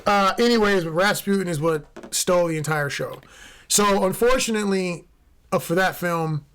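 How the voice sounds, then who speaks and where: Gravelly-voiced man casually reviewing movies. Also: high-pitched, normal speed, a little hiss or hum. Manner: animated, jokey, tries out impressions. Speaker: movie review podcast co-host. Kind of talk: casual chat.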